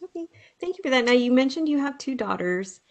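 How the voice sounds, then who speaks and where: Brisk woman asking questions. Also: high voice, animated. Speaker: interviewer.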